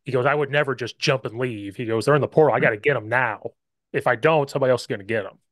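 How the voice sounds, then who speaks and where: A man's voice: medium pitch, rapid-fire, dry recording, clean studio sound. A man hosting a podcast, telling stories and acting out what others said in casual football chat. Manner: animated storyteller, acts out quotes. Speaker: podcast host.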